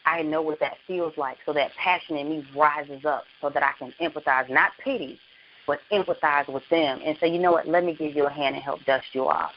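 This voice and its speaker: A woman's voice: deep voice, a little fast. A woman author being interviewed as a guest on an internet radio show, speaking earnestly and passionately. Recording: muffled lo-fi with faint hiss.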